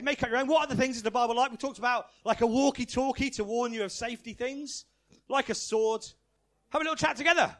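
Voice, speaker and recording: A man preaching a lively, playful family-service sermon in church, asking the congregation questions and calling out their answers. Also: extremely high pitch.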